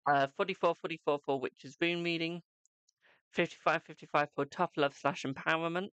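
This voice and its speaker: A man's voice: on the high side, steady tone, fairly quick, a bit bright, clean tone, no echo. A man with a British accent giving live-stream tarot readings in a chatty way, calling viewers "my darling". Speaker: tarot reader.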